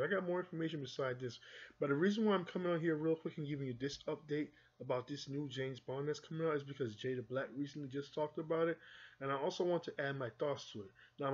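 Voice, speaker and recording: A man's voice: medium pitch, muffled recording. A man from the United Kingdom who speaks with a mixed Jamaican and American accent, giving casual rambling commentary and reading an article aloud to his viewers. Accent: Jamaican-American mix. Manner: rambling, conversational, restarts often. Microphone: phone or computer mic.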